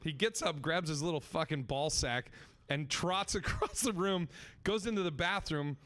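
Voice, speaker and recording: A man with a slightly higher voice tells a rowdy story on a live comedy podcast. He throws himself into it, acting out quotes and shouting lines as he laughs through the telling. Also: normal speed. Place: festival stage with live audience.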